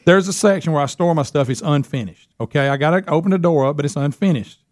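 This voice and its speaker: A man with a drawl spins a long, rambling story about his own blunders, laughing at himself as he goes. His voice sits a little high for a man and sounds dry and close, with no room around it. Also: quick pace, dry recording. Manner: animated, self-mocking, rambling with restarts. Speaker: show regular telling a story. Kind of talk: casual storytelling chat.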